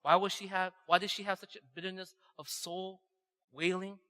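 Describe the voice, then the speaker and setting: With a high, sharp voice that moves little in pitch, a pastor delivers a conversational sermon at a moderate pace. Quoted voices get acted out, and he keeps checking in with "right?" as the long reverb of the hall rings around him.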